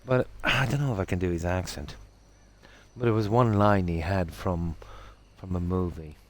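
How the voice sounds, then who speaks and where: Speaking with an Irish Midlands accent, this middle-aged man streams games and chats loosely with viewers, poking fun at himself as he wanders from topic to topic. He has a low-pitched voice and keeps a moderate pace.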